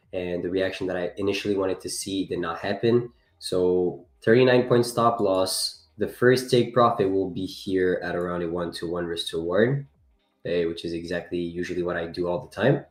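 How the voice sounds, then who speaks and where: Chatty low-voiced man, native French speaker. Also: reverberant. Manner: chatty, playful, reacts to chat with laughs. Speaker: live trading stream host. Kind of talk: casual live-stream chat with viewers.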